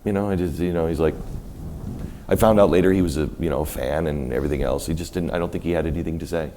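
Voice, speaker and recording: A middle-aged man telling animated, rambling stories in a live onstage conversation at a university event, quoting other people as he goes. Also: rumbling low, quick pace, a little hiss or hum. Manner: animated, rambling storyteller who quotes others in many voices. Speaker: guest.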